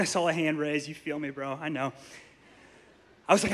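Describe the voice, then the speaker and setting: Bright-voiced preacher telling a lively story. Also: male voice, on the high side, moderate pace. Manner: animated storytelling, playful asides. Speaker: pastor. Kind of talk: sermon. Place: church sanctuary.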